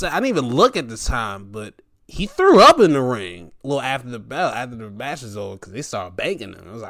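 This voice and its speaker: A man recaps wrestling shows in loose, slangy chat and keeps acting out what people said. His pitch jumps around a lot as he talks. The sound is dry and close, with no echo. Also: a little fast. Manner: animated, slangy, acts out quotes, laughs often. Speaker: wrestling show reviewer. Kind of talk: casual review chat.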